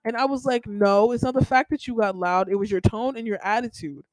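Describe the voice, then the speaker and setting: A woman's voice: a little high, a little fast, hardly any pauses, no room sound, poor audio. A young woman hosting a podcast, telling a personal story in a rambling, heated way with lots of filler words. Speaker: podcast host.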